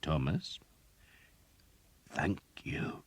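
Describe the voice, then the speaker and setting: A man voicing a wounded young man who is weak and croaking, with faint, halting replies. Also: deep voice, no room sound.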